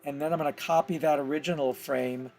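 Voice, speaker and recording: A man's voice: fairly high pitch, steady tone, fairly quick, gravelly, darkish tone. A man explaining his steps in an easygoing, think-aloud tutorial, correcting himself as he goes. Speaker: animation tutor. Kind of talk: casual screen-recorded tutorial.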